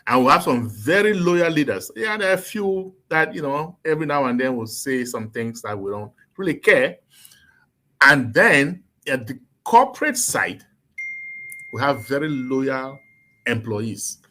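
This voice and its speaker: A man's voice: mid-range voice, very animated, measured pace, bright, forceful tone. A man speaking earnestly and with emphasis as a guest in an online panel discussion.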